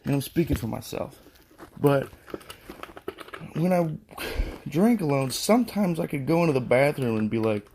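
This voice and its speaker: A young man rambling casually on his own vlog, thinking out loud and swearing freely as he talks outdoors into a phone. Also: mid-range voice, normal speed, gravelly, long pauses, a little hiss or hum. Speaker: podcast host, delivery driver. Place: outdoors at home.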